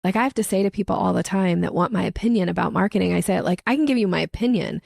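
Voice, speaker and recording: Lively woman sales coach, gravelly edge. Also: medium pitch, very fast, no room sound, studio quality. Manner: animated, acts out quoted speech. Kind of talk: conversational interview answers.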